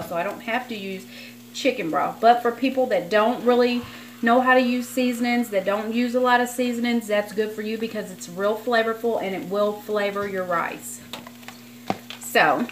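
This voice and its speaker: A chatty woman talks her viewers through a recipe at the stove, wandering into friendly, apologetic asides. Her voice sits at an ordinary middle pitch. Clear sizzling and kitchen noise run underneath. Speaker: cooking vlogger. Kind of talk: casual cooking demonstration. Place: home kitchen. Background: frying and sizzling in a skillet.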